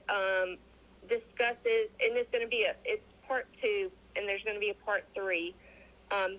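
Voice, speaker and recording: A woman's voice: mid-range voice, poor audio. A woman recounts her experiences to a host in a loose, chatty way. She slips into the voices of the people in her story and often restarts her sentences. The sound is a little thin, like a call line. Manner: animated, acts out quoted dialogue, frequent restarts. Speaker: interview guest. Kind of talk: casual storytelling.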